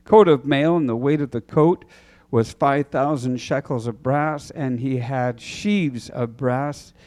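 A man, a preacher, reading scripture aloud deliberately, pausing to clear his throat and correct himself. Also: mid-range voice, darkish tone.

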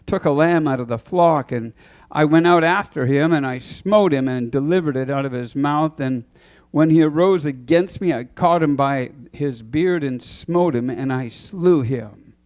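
A man's voice: fairly high pitch, a little slow, darkish tone, natural voice. A man reading aloud the words of a bold young male shepherd. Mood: confident. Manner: read aloud from scripture.

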